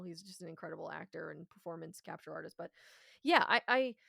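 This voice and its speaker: A woman's voice: fairly low pitch, vocal fry, fairly bright tone, no room sound, studio quality. A woman co-hosting a podcast in casual review chat, talking passionately and emphatically and swearing freely. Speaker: podcast co-host.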